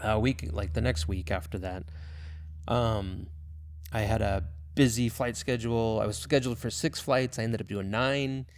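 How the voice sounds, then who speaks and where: A young man, a missionary pilot, telling a personal story in casual, animated talk full of fillers. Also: fairly low pitch, moderate pace, gravelly. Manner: animated, emotional, filler-heavy.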